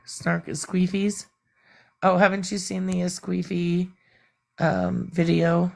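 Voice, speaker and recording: A woman's voice: on the low side, level tone, slow pace, gravelly. A woman chatting bluntly and profanely on a live stream, rambling as she vents. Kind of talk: casual venting chat.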